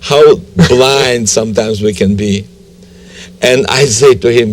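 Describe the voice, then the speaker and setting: A man telling his personal conversion story in a TV interview, halting and emotional, with many restarts. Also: mid-range voice. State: tearful. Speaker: guest telling his testimony.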